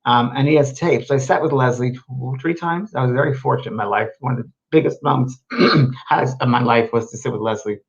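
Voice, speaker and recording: Gentle rambling man on dull audio. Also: medium pitch, a little fast, vocal fry. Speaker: host and medium. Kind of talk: casual live show answering viewer questions.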